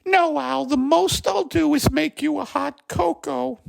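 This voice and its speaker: A hoarse man voicing a fretful, nagging middle-aged housewife in a comedy sketch, with a gravelly voice. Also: very high-pitched, measured pace, heavy background noise, heavily acted. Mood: chiding, chatty. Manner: lively, nagging, talks over her husband. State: hoarse from bronchitis.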